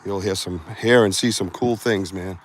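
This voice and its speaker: A middle-aged man with a somewhat low voice hosts a live stream from the woods. He rambles in a loose, casual way and swears freely. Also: normal speed. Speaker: host of a live Bigfoot research show. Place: outdoors in the woods.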